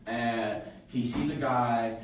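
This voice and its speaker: A man casually retelling a fan fiction story on a podcast, halting and full of fillers. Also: medium pitch, steady tone, a little hiss or hum. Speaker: podcast co-host. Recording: echoey room, from far off.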